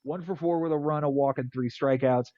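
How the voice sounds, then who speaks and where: A man's voice: mid-range voice, fairly even intonation, brisk, dull audio, noisy background. A man hosting a podcast who casually rattles off fantasy baseball stats and cracks jokes. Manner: rattles off stat lines, wisecracking. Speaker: podcast host.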